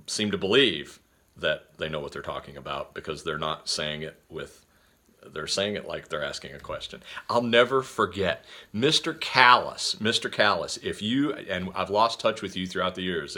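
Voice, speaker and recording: Energetic man with a deep, bright voice. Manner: energetic, rambling, many fillers and restarts. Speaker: host. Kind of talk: casual instructional talk.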